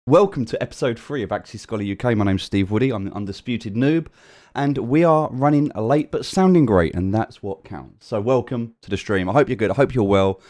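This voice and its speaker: A man's voice: mid-range voice, brisk, darkish tone. A man with a British accent hosting a live stream, chatting casually and greeting viewers one by one by name. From United Kingdom. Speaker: stream host.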